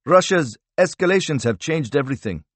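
A man's voice: a little high, lively intonation, brisk, dry recording, voice pushed up. A man voicing a Syrian rebel who speaks fervently and angrily about the war.

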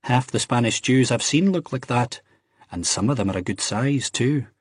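A man's voice: mid-range voice, animated, moderate pace, breathy edge, no echo, clean studio sound, pitched above the performer's own voice. A man voicing a blunt, teasing young man with a Scottish accent.

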